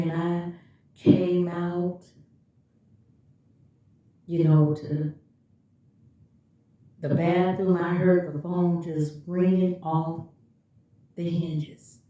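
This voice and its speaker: A woman's voice: on the low side, dark tone. A woman vlogger telling a personal story and speaking directly and emphatically to her viewers. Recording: echoey room, far from the mic, dull lo-fi.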